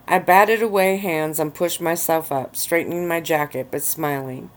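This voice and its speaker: Woman, low pitch, relaxed, ASMR storytelling, at home on a bed. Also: normal speed, few pauses. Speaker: narrator.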